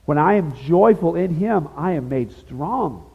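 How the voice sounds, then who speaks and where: A man preaching with a slightly high, husky voice, moving between emphatic declarations and relaxed, chatty asides. The recording is dull and lo-fi, and long reverb trails behind his words. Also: unhurried. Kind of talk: sermon.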